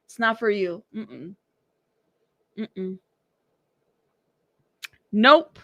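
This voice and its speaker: A woman's voice: mid-range voice, animated, very slow, fairly bright tone, no room sound, studio quality. A woman hosting a casual live stream, talking in a sassy, teasing way and laughing often. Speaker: live-stream news host.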